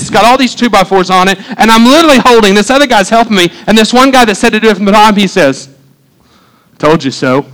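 A man's voice: sits high, fairly bright tone, poor audio. A man preaching a sermon as a pastor, talking to the congregation in a casual, joking way and acting out the people in his stories. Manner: humorous, conversational preaching, acting out quotes.

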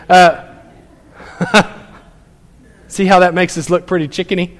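A man preaching a sermon as pastor, animated, acting out people's replies in quick asides. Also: sits high, long reverb tail.

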